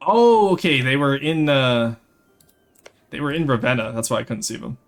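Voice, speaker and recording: A man's voice: mid-range voice, moderate pace. A young man from rural Canada, giving live gameplay commentary and chatting with viewers. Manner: lively, chats with viewers while playing. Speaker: streamer.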